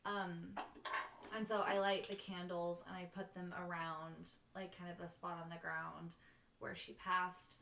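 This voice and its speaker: A woman player in a tabletop game, describing her character's actions with hesitant pauses. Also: lowish voice, flat delivery, creaky, echoey room, noisy background. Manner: hesitant, many ums.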